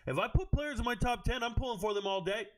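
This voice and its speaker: A man hosting a livestream, reading chat aloud and riffing on each pick with loud, profane joking. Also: extremely high pitch. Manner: quick, animated jumps between chat and draft picks. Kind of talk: casual livestream commentary.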